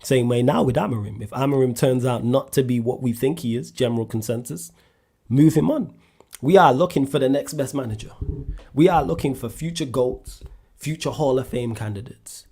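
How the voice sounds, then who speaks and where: Blunt and animated, this solo host of a sports question-and-answer show talks at normal speed in a husky voice during casual sports chat. When he hammers a point, his pitch rises sharply.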